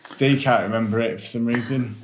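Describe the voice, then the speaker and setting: Male podcast co-host, dry and easygoing, mid pitch, faint noise on the track. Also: fairly even intonation, a little fast. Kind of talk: casual chat.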